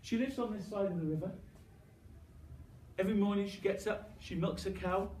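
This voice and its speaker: Animated man telling a story to a crowd. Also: high-pitched, moderate pace, slight background noise. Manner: animated, coaxing audience to join in, with sound effects. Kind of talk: interactive live storytelling. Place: room with live audience. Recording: roomy, distant mic.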